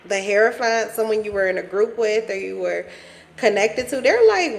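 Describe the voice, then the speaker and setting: A woman's voice: medium pitch, animated, moderate pace, gravelly, big-room sound. A woman giving a casual collective tarot reading, chatty and playful, laughing often and swearing freely. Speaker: tarot reader.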